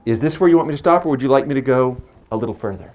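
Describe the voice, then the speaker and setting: A man's voice: mid-range voice, very fast, a little mellow. A man in his forties performing as a magician. He uses a stage microphone and mixes playful stories with teasing banter with his audience. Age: 40s. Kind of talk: live stage patter with storytelling.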